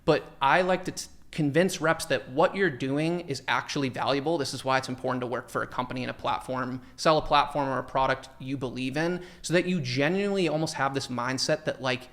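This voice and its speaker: A man's voice: medium pitch, a little fast, hardly any pauses. Man acting out sales lines. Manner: animated, acts out sample sales lines. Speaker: sales trainer guest. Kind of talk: conversational sales advice.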